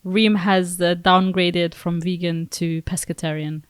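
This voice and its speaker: A woman's voice: fairly low pitch, fairly even intonation, measured pace, clear, resonant tone. A young woman, co-hosting a podcast in casual chat, teasing her friend and exclaiming often. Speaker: podcast co-host.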